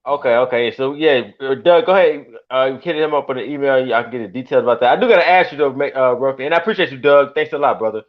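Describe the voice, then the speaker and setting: A man hosting a livestream chat, hurried and quick to jump in and steer the talk. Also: medium pitch. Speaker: host of a livestream show. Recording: dull lo-fi sound.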